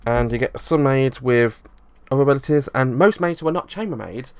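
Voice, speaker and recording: A man talks through how a card game works in an easygoing review. His voice sits at a middle pitch, and he explains things loosely, backing up and rephrasing as he goes. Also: a little fast, clean tone. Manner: loose, rambling explanation with frequent restarts.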